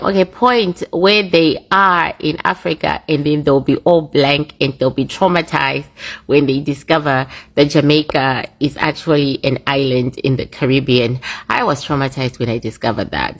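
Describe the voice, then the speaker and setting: A woman's voice: a bass voice, expressive, moderate pace. A woman giving an earnest, emphatic casual monologue.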